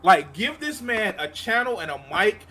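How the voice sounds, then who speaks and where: A man's voice: sits high, very animated, moderate pace, bright, forceful tone, slight background noise. A man from the US in a casual group chat, brash and crude, often cutting in. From United States.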